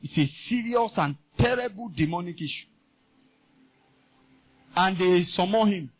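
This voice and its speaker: A man preaching a sermon in a Nigerian English accent, impassioned and climbing into shouts. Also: high-pitched, animated, measured pace, slightly rough. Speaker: pastor. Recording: dull lo-fi sound.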